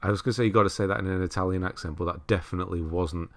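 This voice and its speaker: Male game walkthrough host, deep voice, casual and self-deprecating. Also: very fast. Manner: relaxed, chatty, laughs at himself, self-correcting. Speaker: walkthrough commentator. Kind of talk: casual gameplay commentary.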